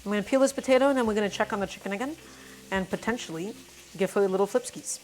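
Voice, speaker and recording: A woman's voice: medium pitch, rapid-fire, darkish tone, slight background noise. A woman hosting a casual cooking live stream, talking through each step and greeting her viewers by name. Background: faint music and sizzling pan.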